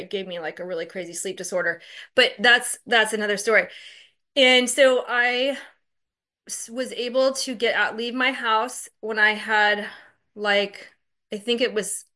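A woman's voice: medium pitch, bright, forceful tone. A woman casually telling a personal story, candid, profane and self-mocking, chatty with lots of fillers.

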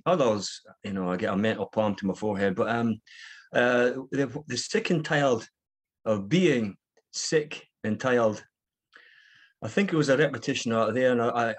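A middle-aged man, giving a candid, rambling personal recovery share full of fillers and restarts. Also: on the low side. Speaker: recovery meeting speaker.

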